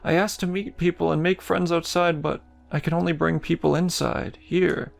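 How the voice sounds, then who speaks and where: A man voicing a soft-spoken, sweetly sad girl spirit who keeps visitors trapped with her. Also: a little high, fairly even intonation, normal speed, gravelly, soft background music, pitched above the performer's own voice. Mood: sad, pleading.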